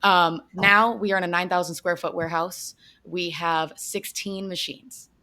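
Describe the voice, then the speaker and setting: Chatty woman, lowish voice. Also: steady tone, unhurried, sharp tone. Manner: chatty, upbeat, many fillers. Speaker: podcast guest. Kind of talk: casual chat.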